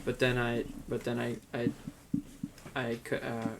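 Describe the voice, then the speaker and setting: A man's voice: mid-range voice, monotone, unhurried, vocal fry, noisy background. A man hosting a casual director's commentary. He talks in a chatty way, laughs often and keeps restarting his sentences. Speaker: video director and host.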